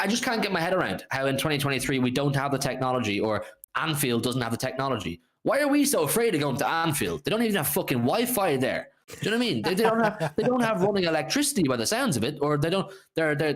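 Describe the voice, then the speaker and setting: Irish male host, fast and animated, casual football chat with plenty of swearing. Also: a little high. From Ireland. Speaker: podcast host.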